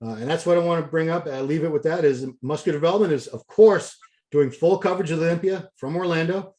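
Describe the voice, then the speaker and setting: A man's voice: fairly high pitch, fast talker, a little mellow. A man hosting a bodybuilding preview, chatty and jokey as he rambles through a schedule and wraps up the show. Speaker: host. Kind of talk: casual show wrap-up.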